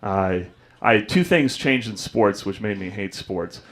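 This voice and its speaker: A man's voice: lively intonation, measured pace, fairly bright tone. A young adult man doing a stand-up comedy set on a club stage, telling stories and acting out other people's voices. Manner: storytelling, acts out voices with big pitch jumps.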